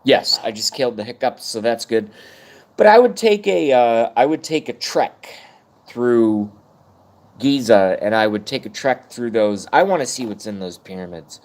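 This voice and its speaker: A middle-aged livestream host rants casually, rambling and swearing as he chats with viewers. He speaks at a moderate pace with a fairly low pitch.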